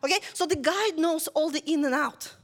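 A woman preaching a conversational sermon, telling a story lively and checking in with listeners as she goes. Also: high voice, moderate pace.

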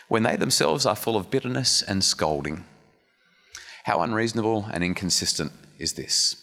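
A man with a very low voice preaches in a church hall, earnest and chatty, stopping to restart and speak to his listeners. His words ring out with the long echo of a large room. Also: big pitch swings, moderate pace, gravelly, bright, forceful tone. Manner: earnest, conversational, with restarts and audience asides. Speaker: speaker giving a church message. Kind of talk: sermon.

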